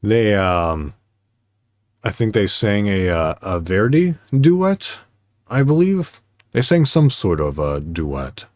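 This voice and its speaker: A man hosting a podcast, telling a story in casual chat with many fillers and pauses, heartfelt and halting. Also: on the low side, sing-song, a little mellow, dry recording, clean studio sound. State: choked up. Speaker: podcast host.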